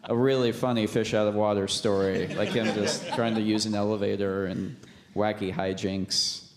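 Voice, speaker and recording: A man on a press panel, playful and quick to laugh. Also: fairly low pitch, flat delivery, over a noisy crowd. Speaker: film director on a panel. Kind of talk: press conference answers.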